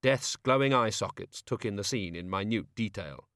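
A man narrating an audiobook with a measured, expressive reading. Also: fairly low pitch, no room sound, studio quality.

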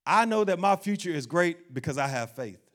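A man preaching an animated sermon as pastor, acting out doubting voices and laughing along the way. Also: on the high side, a little fast.

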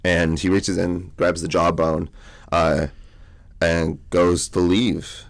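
Young male podcast co-host, deep gravelly voice, loose rambling recap. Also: flat delivery, slow pace. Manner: rambling, lots of fillers and likes. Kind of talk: casual book discussion.

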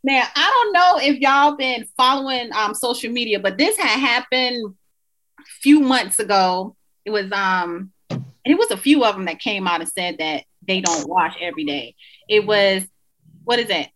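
A woman's voice: mid-range voice, animated, moderate pace, fairly bright tone, poor audio. A woman in her thirties hosting a podcast, telling stories and laughing in casual chat. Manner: chatty, laughing, playful storytelling. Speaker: podcast host.

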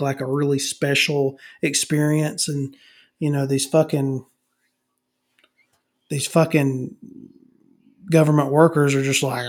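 A middle-aged man on a comedy podcast, ranting and rambling with constant swearing and many restarts. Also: a little high.

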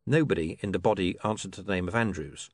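A man narrating an audiobook in a wry, lively storytelling manner. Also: low voice, fast, no room sound, studio quality.

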